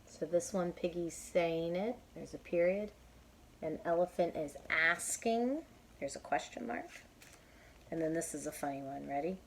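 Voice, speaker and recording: A woman reads a picture book aloud to young listeners, her voice sitting low. She stops often to ask the children questions and point things out on the page, keeping her tone encouraging. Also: unhurried, slight background noise. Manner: bright, encouraging, asks kids questions. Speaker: teacher reading aloud to children.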